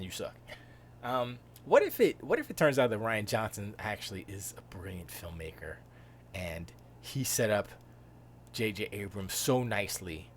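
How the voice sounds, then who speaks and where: Man, live-stream host, casual chat, rambling and joking, animated pitch. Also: slight background noise. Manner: rambling, joking, trails off into laughter.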